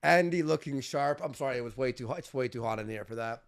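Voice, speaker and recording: Give me a gravelly, exasperated male streamer who curses constantly. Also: medium pitch, fast. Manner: exasperated, profane, laughing in frustration. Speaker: host. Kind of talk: casual livestream banter.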